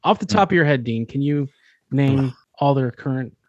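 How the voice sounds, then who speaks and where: A man co-hosts a comedy podcast, setting up the segment in a relaxed, rambling way. His voice sits mid-range. The sound is dry and close. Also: mid-range voice, normal speed, no room sound, muffled recording. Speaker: podcast co-host. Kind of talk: casual podcast banter.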